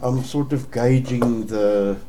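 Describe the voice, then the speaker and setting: A man's voice: medium pitch, fairly even intonation, takes it slowly, dark tone. A man playing in a casual tabletop game, with dry, hesitant humor, over noisy home stream audio. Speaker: player.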